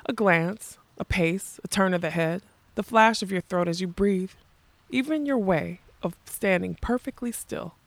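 A woman reading the lines of a mad, possessive old king, soft and menacing in turn. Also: medium pitch, a little slow, vocal fry, no echo. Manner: soft and menacing, turning fierce and childlike.

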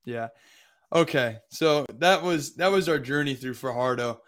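A young male podcast co-host recounts a trip in a meandering, casual way, his speech packed with filler words. His voice sits at an ordinary middle pitch with a fairly bright tone, and his unhurried delivery comes across as chatty and loose rather than polished.

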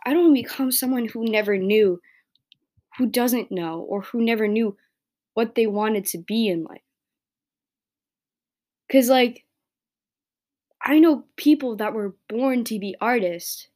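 A woman's voice: a little high, lively intonation, a little slow, long pauses, darkish tone. A young woman in her late teens hosting a solo podcast, talking in a casual, rambling way, often breaking off mid-sentence and growing emotional. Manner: rambling, self-interrupting, emotional. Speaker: podcast host.

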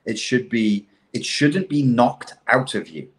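A middle-aged man in casual conversation, talking in an animated, profane way and acting out quotes as he tells stories. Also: mid-range voice, unhurried.

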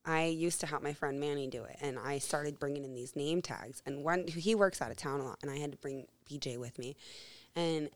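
A woman's voice: low-pitched, fairly quick, no echo. A woman, mother of a young son, chatting casually as a podcast co-host. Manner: chatty, animated when retelling her son. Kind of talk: casual chat.

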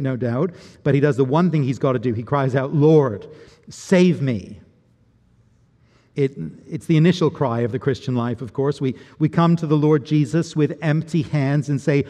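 A male preacher delivers a sermon in an earnest, reflective way, often repeating words as he works through a thought. His voice is dark and mellow, and it carries a long reverb that fills a large church hall. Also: mid-range voice.

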